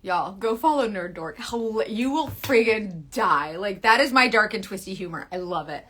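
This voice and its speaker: A woman in her thirties talking through a makeup tutorial in a chatty, playful, coaxing way, often dropping to a soft near-whisper. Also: medium pitch, lively intonation, normal speed. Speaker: makeup seller.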